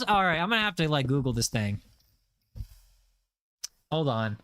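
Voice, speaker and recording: A man's voice: a little high, big pitch swings, moderate pace, long pauses, sharp tone, no echo. A man chatting casually on a gaming livestream, rambling with lots of fillers and playful boasts. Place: home setup, lives in Los Angeles.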